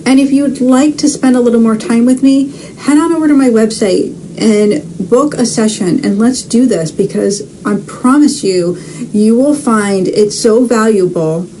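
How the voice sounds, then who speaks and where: A woman's voice: a little high, unhurried, warm tone, slight background noise, low-quality recording. A woman hosting a live-streamed psychic reading, chatty and casual, calling out viewers by name. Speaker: psychic medium host.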